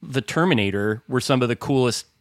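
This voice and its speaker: A man co-hosting a chat podcast at a middle pitch, wry and a little rambling, with the odd casual curse. His voice is recorded close, with no room sound around it. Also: fairly quick, dry recording. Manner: wry, discursive, swears casually. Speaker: podcast co-host.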